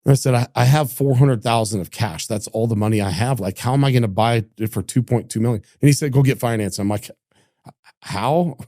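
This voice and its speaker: A middle-aged man from Idaho spins an animated story in a warm, relaxed voice, acting out other people's lines and stumbling into restarts as he goes. The recording is close and dry, with no room sound. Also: mid-range voice, brisk, no room sound. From Idaho, United States. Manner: animated, acts out quoted dialogue, frequent restarts. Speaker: entrepreneur guest. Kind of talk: casual storytelling conversation.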